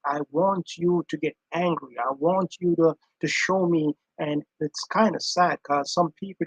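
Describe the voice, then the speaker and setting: A man gives casual reaction commentary, earnest and emphatic, circling back to repeat his point. His voice sits a touch high for a man. The sound is close and dry, with no room around it. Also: a bit bright, slightly rough, no echo, highs cut off.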